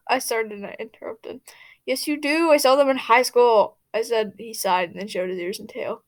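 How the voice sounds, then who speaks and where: At a normal speed and with a voice on the high side, a woman works through a fan fiction reading. She keeps fumbling words, going back over them, and interrupting herself with amused asides.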